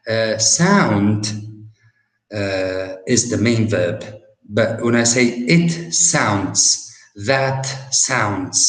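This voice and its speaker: A man with an Arabic accent teaching English vocabulary in a recorded university lesson, speaking slowly and patiently with many "uh" pauses and explaining through everyday examples. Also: fairly low pitch, echoey room, rough recording.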